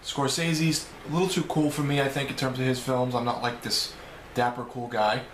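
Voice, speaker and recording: A man with a New York accent talks casually to his camera, rambling and correcting himself as he works through a list of questions. His voice sits at an ordinary middle pitch. The room around him is roomy and echoing, with a faint hum of ambience behind. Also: little pitch movement, moderate pace, fairly bright tone. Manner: rambling, self-correcting, chatty. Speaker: video blogger. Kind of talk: casual vlog answering questions. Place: home room.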